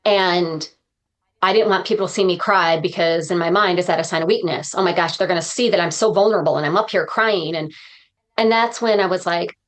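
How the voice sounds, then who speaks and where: A woman's voice: fairly low pitch, a little fast. A woman guest on a podcast, a motivational speaker talking in an earnest, reflective way and dropping uplifting sayings. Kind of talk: podcast interview conversation.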